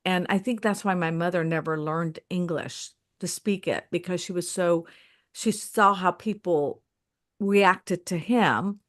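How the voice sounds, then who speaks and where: A woman's voice: lowish voice, a little slow. A woman with a Southern American accent from Mississippi, hosting a panel discussion in an effusive manner. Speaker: host.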